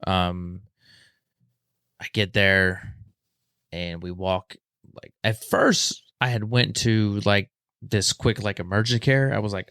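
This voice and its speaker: A man's voice: fairly low pitch, slow, long pauses, clear, resonant tone, dry recording, studio quality. A young man casually telling a story as a podcast guest, acting out what people said. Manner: animated, acts out quoted voices.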